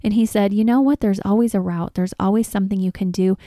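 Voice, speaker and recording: A woman's voice: mid-range voice, fairly even intonation, fast, mellow, dry recording, studio quality. A woman in her thirties giving casual advice as a podcast host, earnest and chatty, laughing now and then as she tells stories. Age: 30s.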